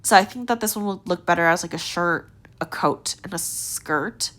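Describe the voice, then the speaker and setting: A woman's voice: fairly low pitch, moderate pace, a bit bright. A young woman chatting casually as she rates outfits, rambling with lots of fillers, her voice a little tired and strained. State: voice tiring, slightly strained. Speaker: gaming video creator. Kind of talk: casual rating commentary.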